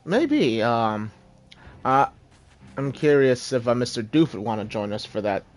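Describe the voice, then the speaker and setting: A man streams a video game and chats loosely with his friends. He rambles through fillers and half-finished thoughts in a mid-pitched voice. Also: very animated, a little slow. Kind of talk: casual gaming chat.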